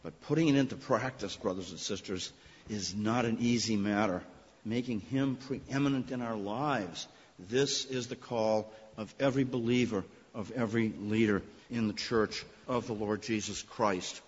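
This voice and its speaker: A man's voice: on the low side, normal speed, breathy edge. A man preaching a sermon to his congregation, earnest and emphatic, stressing key words. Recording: long reverb, muffled lo-fi sound.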